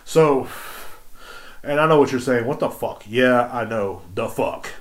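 A man rants through a solo podcast episode, swearing freely and wandering from one crude story to the next. His voice sits at an ordinary middle pitch. It echoes around the room he records in. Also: a little slow. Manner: crude, profane, rambling storyteller. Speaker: podcast host. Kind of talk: casual solo podcast rant. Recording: roomy echo.

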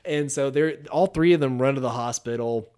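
A man's voice: medium pitch, moderate pace, darkish tone, clear, resonant tone. A man co-hosting a casual chat, animatedly retelling a film plot, acting out the characters' lines and laughing often. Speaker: podcast co-host.

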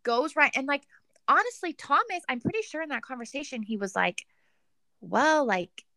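A woman's voice: sits high, animated, normal speed, sharp tone, dry recording. A woman in casual chat, recapping a reality show with a gossipy, chatty manner full of "like.". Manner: chatty, gossipy, heavy use of "like".

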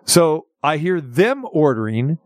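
Man, radio show host, casual storytelling, lively, high-ish voice, dry close mic. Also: slow pace, dry recording. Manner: animated, chatty storyteller with many restarts.

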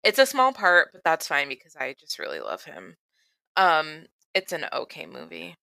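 Bright, smooth-voiced woman co-host. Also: low-pitched, wildly swooping pitch, moderate pace, no room sound. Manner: chatty, hesitant fillers. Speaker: podcast co-host. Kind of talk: casual podcast chat.

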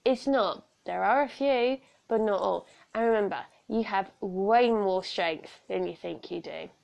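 Speaking at a measured pace in a gravelly, darkish mid-range voice, a young woman talks through personal safety on her solo podcast at home. She's frank and earnest, chatting loosely and wandering into frequent asides.

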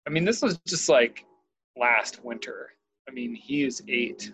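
A father speaking candidly about his young son in an earnest, halting way, often pausing to find his words. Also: mid-range voice, expressive, vocal fry, fairly bright tone, a little hiss or hum, poor audio. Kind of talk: candid personal conversation.

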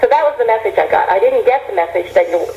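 A woman's voice: mid-range voice, lively intonation, fast, dark tone, muffled recording. A middle-aged woman, an herbalist guest in an interview, talking earnestly and rambling with frequent restarts. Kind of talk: reflective interview talk. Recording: roomy echo.

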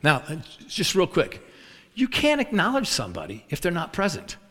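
Male preacher, bright folksy delivery, long hall reverb, joking sermon. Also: high-pitched, wildly swooping pitch, moderate pace, slightly rough.

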